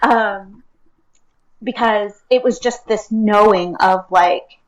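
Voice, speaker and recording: A woman's voice: medium pitch, slow, low-quality recording. Earnest woman, filler-heavy casual talk. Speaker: guest, akashic records reader and teacher. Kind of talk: casual interview chat.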